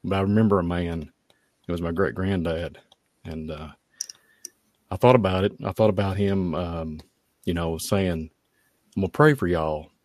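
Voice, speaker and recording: A man, giving a halting, heartfelt personal testimony at a prayer meeting. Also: low-pitched, fairly even intonation, darkish tone, no room sound, studio quality. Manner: halting, heartfelt, many fillers. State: tearful at times.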